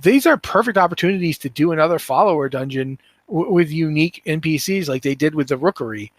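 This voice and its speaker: Host, man, slightly high voice, dry close mic, animated and rambling. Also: fast, no room sound. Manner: animated, rambling, self-interrupting. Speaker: podcast host. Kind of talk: casual podcast chat.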